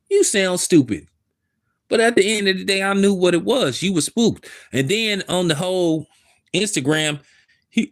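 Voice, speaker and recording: A commentary host with a high voice speaks at a normal pace, delivering opinionated, emphatic, casual remarks. He repeats himself for emphasis and uses street slang.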